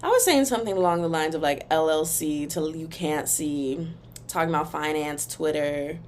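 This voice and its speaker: A young woman with a lowish voice hosts a solo podcast, talking straight into a close mic. She rambles and rants in an animated, emphatic way, and slips in a bit of faint room sound. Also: normal speed, slight background noise. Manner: animated, emphatic, rambling, sings a taunting chant. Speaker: podcast host. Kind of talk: casual solo podcast rant.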